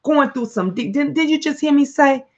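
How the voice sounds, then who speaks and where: A woman's voice: sits high, moderate pace, a little mellow, highs cut off. A woman who is a mother, hosting a live online talk stream, answering viewers with blunt, profane, preachy encouragement. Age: adult, a mother.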